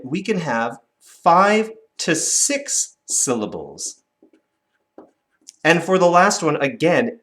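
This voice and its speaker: A man teaching a recorded lesson to children, counting syllables out slowly and clearly in a playful, encouraging way. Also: on the high side, a bit bright.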